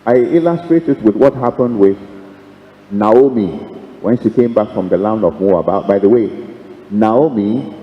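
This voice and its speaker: A priest with a lowish voice preaches a retreat conference in a seminary hall, speaking briskly with few pauses. He's humorous, acting out the dialogues he recounts and chuckling as he goes. The hall is echoey and the sound is dull and lo-fi.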